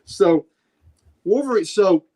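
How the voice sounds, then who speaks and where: Excitable man retelling comic scenes. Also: sits high, slow pace. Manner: enthusiastic, retells comic scenes and acts out the quotes. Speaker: podcast host. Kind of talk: casual chat.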